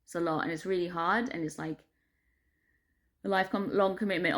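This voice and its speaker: A woman's voice: medium pitch, moderate pace. A woman vlogging in a casual, heavily sworn rant, full of fillers and bursts of frustrated laughter. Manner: heavy swearing, filler-laden, laughing through frustration. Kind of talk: casual ranting monologue.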